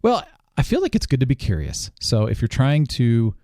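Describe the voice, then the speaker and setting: A man hosts a casual podcast interview with an upbeat, enthusiastic manner and frequent laughter. His voice sits at an ordinary pitch. The recording is close and dry. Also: huge pitch swings, normal speed, darkish tone, dry recording. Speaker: podcast host.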